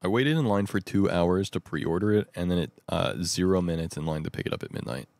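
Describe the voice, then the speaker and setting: A young man rambling excitably in casual chat at home at night. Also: sits low, fairly quick, dry recording. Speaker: vlogger.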